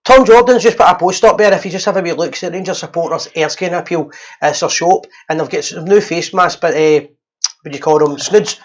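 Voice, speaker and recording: A man's voice: a little high, brisk, lo-fi sound. A Scottish man hosting a casual live fan show, rambling and restarting as he makes friendly appeals to viewers.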